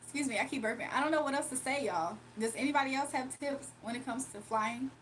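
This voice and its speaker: Chatty woman livestreamer, slightly high voice. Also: quick pace, fairly bright tone, a little hiss or hum. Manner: chatty, laughs often, answers viewers directly. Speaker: livestream host reading chat. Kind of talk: casual livestream chat. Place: home, early morning.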